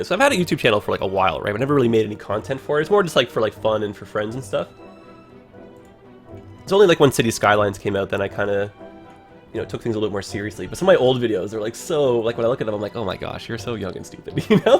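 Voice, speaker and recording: A man's voice: lowish voice, big pitch swings, fast, faint music behind. A man hosting a game livestream, talking in a rambling, chatty way full of "like". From Ontario, Canada. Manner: rambling, chatty, heavy use of "like". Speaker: livestream host. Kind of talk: casual game livestream commentary.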